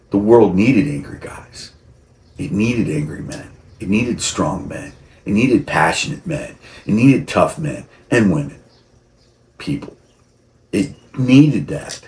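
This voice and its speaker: A man talking to camera in a rambling personal monologue, repeating and restarting, working himself up into heated outbursts. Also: low voice. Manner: rambling, gets heated and shouty; frequent restarts and repeated words. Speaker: vlogger.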